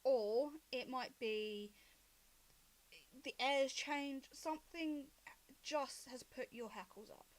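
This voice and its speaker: A woman with a high voice runs a tabletop game as game master. She narrates in a rambling, hesitant way, full of fillers and restarts. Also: slow.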